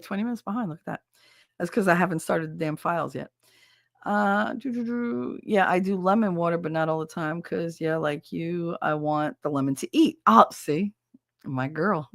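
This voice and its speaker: Her voice sits on the low side, recorded at studio quality without room sound. She's a thirties-aged livestreamer who chats casually with viewers, telling stories with lots of swearing and laughter.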